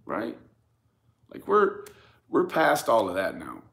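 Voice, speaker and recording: A man's voice: fairly low pitch, huge pitch swings, takes it slowly, vocal fry, a bit bright. A man hosting a casual commentary rant for his channel, speaking emphatically, often stammering and repeating words as he addresses viewers and critics directly. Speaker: YouTube true crime commentator.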